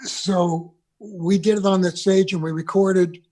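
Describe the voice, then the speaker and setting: A man's voice: high-pitched, steady tone, unhurried, dark tone. An older man, a guest on a video call interview, reminiscing about recording sessions with loose restarts. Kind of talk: conversational interview.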